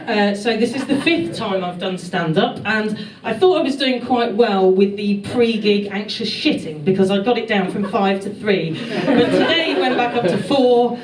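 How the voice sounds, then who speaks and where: Young English woman, stand-up comic, dry, self-deprecating, higher voice, far from the mic. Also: lively intonation, a little slow. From England. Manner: dry, self-deprecating, laughing at her own jokes. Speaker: comedian. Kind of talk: stand-up comedy set. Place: comedy club stage. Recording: echoey club, far off, crowd.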